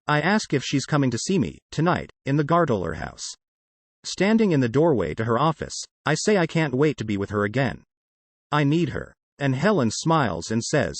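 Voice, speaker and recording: Expressive male audiobook narrator. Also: medium pitch, moderate pace, no room sound. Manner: expressive first-person reading.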